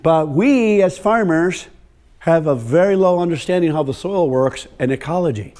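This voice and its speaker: With a mellow, expressive voice on the high side, an older man gives farmers a workshop lecture on soil health at normal speed. He tells stories and throws questions at the live audience in the room.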